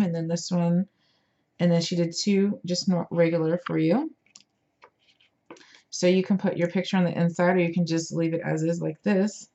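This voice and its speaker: A woman's voice: fairly low pitch, warm tone, highs cut off. Tired, chatty woman unboxing craft supplies. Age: adult parent. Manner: chatty, enthusiastic, many fillers. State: tired, yawning. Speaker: craft vlogger. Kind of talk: casual show-and-tell.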